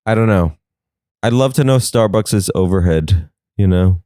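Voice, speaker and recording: A young man riffs sarcastically through the day's news as a comedy host, his pitch leaping all over the place. The sound is dry and close, with no room around it. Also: lively intonation, measured pace, dark tone, no echo. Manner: sarcastic, riffing with silly put-on voices.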